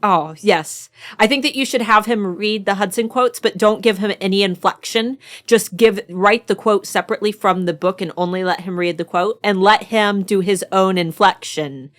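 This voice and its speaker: American woman co-host, mid-pitched voice, teasing and quick to giggle in relaxed book talk. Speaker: podcast co-host. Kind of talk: casual chat.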